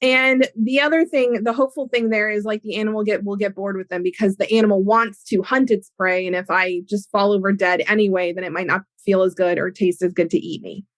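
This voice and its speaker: A woman hosting an educational podcast, explaining ideas in an animated way with everyday examples. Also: mid-range voice, a little fast, hardly any pauses, dry recording. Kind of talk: teaching talk on a podcast.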